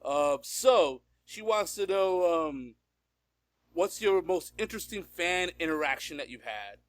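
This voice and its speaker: A fairly high-pitched man hosts an upbeat, easygoing chat, laughing often and tripping over his words as he goes. He sits close to the mic in a dry, dead room. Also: animated, a little slow, a bit bright, no room sound. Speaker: podcast host. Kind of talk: casual interview chat.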